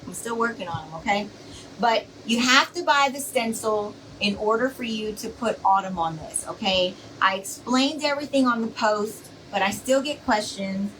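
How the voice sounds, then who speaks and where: A woman's voice: medium pitch, fairly bright tone, recorded from a distance, a little hiss or hum, low-quality recording. A woman hosting a casual craft live stream, chatty and reassuring, rambling with plenty of fillers as she talks to viewers.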